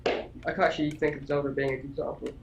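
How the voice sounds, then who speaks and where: A man's voice: a little high, level tone, quick pace, gravelly, a crowd in the background, low-quality recording. A man co-hosting a gaming podcast in casual chat, rambling with lots of restarts and casual swearing. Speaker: podcast co-host.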